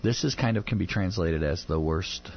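This man teaches a Bible passage on the radio in a conversational style, often voicing the people he quotes with animation. He has a low-pitched voice at normal speed, with faint music in the background of a dull, lo-fi recording.

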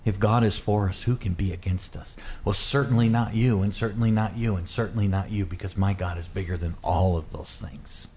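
A fairly low-voiced male pastor preaches with earnest conviction. He moves between animated emphasis and a hushed, gentle tone. A faint room hum sits behind him. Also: fairly quick, few pauses. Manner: earnest and animated, shifts to a hushed gentle voice when quoting God. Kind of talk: preaching on a Bible passage in a radio discussion.

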